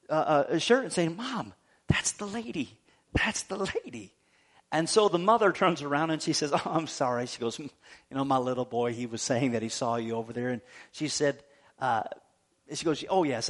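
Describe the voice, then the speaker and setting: A man preaching a sermon as pastor, telling a story, acting out the voices of the people in it and calling for amens. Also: fairly high pitch.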